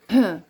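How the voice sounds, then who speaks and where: A middle-aged woman from Canada chatting in a rambling way while doing her makeup, laughing often. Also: mellow. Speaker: makeup vlogger.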